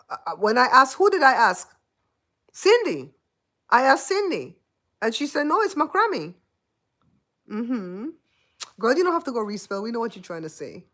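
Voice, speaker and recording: A woman's voice: fairly high pitch, a bit bright. Laughing, chatty Belizean woman. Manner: laughs often, chatty and teasing. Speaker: host. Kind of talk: casual livestream chat.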